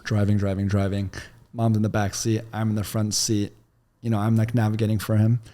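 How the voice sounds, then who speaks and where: A man's voice: fairly low pitch, level tone, a little fast, dark tone. A man in his thirties, a podcast guest telling a long personal story in a casual, chatty way full of "like" fillers, on a studio mic.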